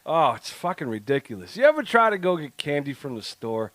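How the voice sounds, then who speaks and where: A man's voice: a little high, big pitch swings, brisk, dry recording. A man co-hosting a podcast, ranting in crude, joking, casual banter. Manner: loud, crude, joking rants. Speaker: podcast co-host.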